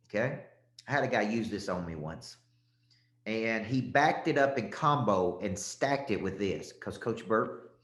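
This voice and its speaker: A man's voice: fairly low pitch, lively intonation, unhurried, fairly bright tone. Guy coaching sales live, punchy and emphatic, middle-aged, roomy echo. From Tennessee. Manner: emphatic, punchy, frequent "okay?" check-ins. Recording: echoey room.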